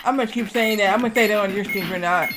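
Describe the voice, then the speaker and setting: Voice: mid-range voice, very fast. Rambling live streamer with music behind. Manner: rambling anecdote-telling, many fillers. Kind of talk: casual livestream chat.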